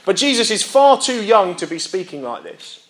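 Young male preacher, high voice, explanatory sermon delivery, asks the audience questions. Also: big pitch swings, normal speed, fairly bright tone. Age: young adult. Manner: explains and checks in with listeners; reads scripture aloud and voices rhetorical questions.

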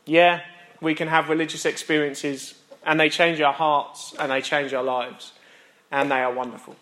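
A British man preaching a sermon, earnest with emphatic pauses and wry self-deprecating humor. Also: on the high side, level tone, sharp tone, echoey room. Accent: British English.

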